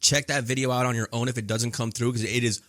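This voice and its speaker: A man co-hosting a podcast in casual chat, excitable and swearing, from Ireland. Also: medium pitch, fast talker, no room sound, clean studio sound. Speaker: podcast co-host.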